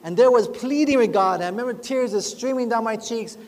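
A man's voice: very high voice, brisk, darkish tone. A man preaching a sermon, telling his own story in an earnest, heartfelt way that rises into pleading. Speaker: pastor. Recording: long reverb, faint music behind.

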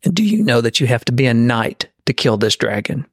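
A man's voice: medium pitch, big pitch swings, fairly quick, no room sound, studio quality. A man co-hosting a podcast in casual chat, rambling and restarting as he lays out a theory. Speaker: podcast co-host.

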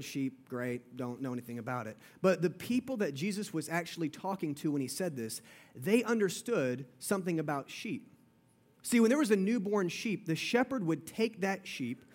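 A man's voice: high-pitched, darkish tone. A young man, a youth pastor, giving a playful, chatty sermon to a live audience, often calling out "guys" and repeating himself.

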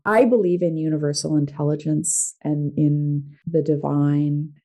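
A woman hosting a podcast, talking in an enthusiastic, expressive and reflective way. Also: low voice, a little slow, hardly any pauses. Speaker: podcast host. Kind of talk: casual conversational podcast talk.

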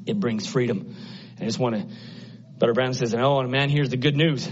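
A man preaching a sermon with passion, dropping to a hush and then climbing loud and high. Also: steady tone, brisk, pauses often, slightly rough, lo-fi sound. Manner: impassioned, swinging from hushed to loud and high.

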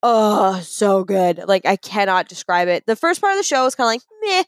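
A young adult woman co-hosting a podcast in casual chat, gushing and excitable as she tells a story. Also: mid-range voice, normal speed, dry recording. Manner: excitable, gushing storyteller, fond of self-described geeking out. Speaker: podcast co-host.

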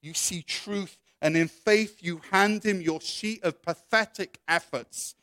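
A man's voice: sits high, slow, no echo, clean studio sound. A man preaching, telling a story in the second person and then leading a prayer. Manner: storytelling, second person, with soft quoted voices. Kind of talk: sermon illustration and prayer.

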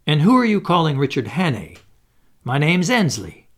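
A man's voice: fairly high pitch, very animated, moderate pace. A man playing a surly, whining tramp. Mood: rough. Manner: rough, whining, pleading. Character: surly hungry male vagrant, whining and rough.

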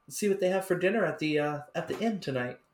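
Tabletop player, playful, giggly, lively pitch. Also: fast talker, reverberant. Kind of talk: casual tabletop game chat.

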